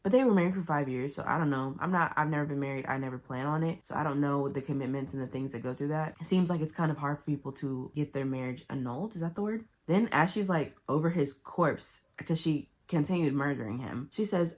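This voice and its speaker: A woman casually recapping a book to camera, animated and chatty. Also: low-pitched, fast talker, few pauses. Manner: chatty, animated retelling with loud quoted outbursts. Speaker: book vlogger.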